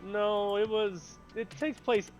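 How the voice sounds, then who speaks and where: A man chatting casually on a live stream, rambling excitably about movies with big jumps in pitch and loudness. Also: slow pace, faint music behind. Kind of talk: casual chat.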